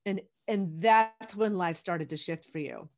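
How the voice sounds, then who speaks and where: Calm, affirming woman host. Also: on the low side, unhurried. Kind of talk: reflective interview commentary.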